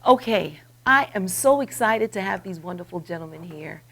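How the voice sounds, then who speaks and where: A woman in her forties hosting a web talk show, telling a motivational story in an animated, dramatic way. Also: lowish voice, normal speed. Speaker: host.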